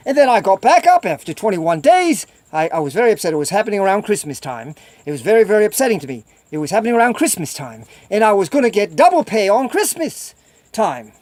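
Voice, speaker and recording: A middle-aged man rambling through stories in a casual solo video chat, repeating himself and breaking into high squeals when he mimics other people. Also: very animated, a little fast, a little mellow. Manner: rambling, repetitive storytelling. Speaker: vlogger.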